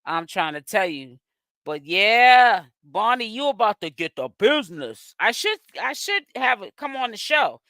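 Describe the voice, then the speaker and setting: Very animated and sharp-toned, this mid-range voice belongs to a celebrity gossip host from Boston, Massachusetts. Speaking with a Boston accent, she chats sassily through a live stream, reading out the viewers' chat and elongating her exclamations. The recording is clean studio sound without room ambience.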